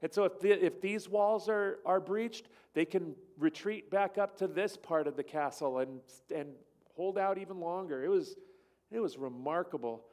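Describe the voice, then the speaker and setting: A man with a slightly high voice tells a travel story to a church gathering over slides. He rambles from point to point and slips into the voices of the people he quotes. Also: normal speed, a little mellow. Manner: rambling, acts out quoted dialogue. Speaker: church speaker.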